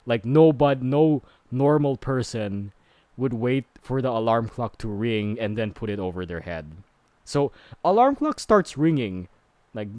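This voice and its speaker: A man's voice: medium pitch, expressive, slow, darkish tone, no echo. A man streaming a casual movie recap, rambling with many fillers and growing exasperated.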